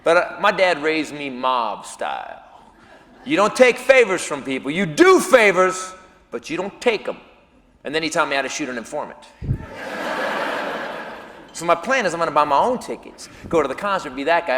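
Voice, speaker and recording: A man performing a stand-up routine, telling a story with quick, animated turns between voices. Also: fairly high pitch. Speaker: stand-up comedian. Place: comedy stage before an audience. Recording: live stage, hall reverb, faint audience.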